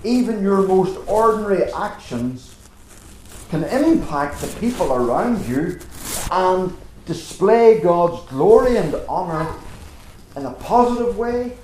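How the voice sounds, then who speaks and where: A man's voice: high voice, big pitch swings, takes it slowly, darkish tone, reverberant, slight background noise, rough recording. A man preaching a sermon in a church, earnest and emphatic, asking rhetorical questions.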